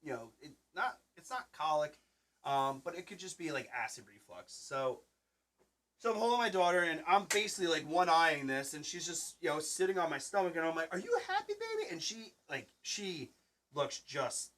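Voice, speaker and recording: A man's voice: a little high, expressive, normal speed. A man in his thirties hosting a casual podcast chat, rambling through stories and acting out what people said. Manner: rambling storyteller, acts out quotes loudly. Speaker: podcast host and Twitch streamer.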